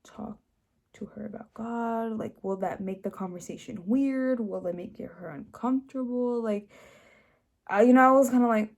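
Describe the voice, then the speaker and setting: A woman's voice: a little high, moderate pace, gravelly, darkish tone. A young woman telling her personal testimony in a casual, earnest way, full of fillers and restarts. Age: young adult. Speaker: host sharing her testimony.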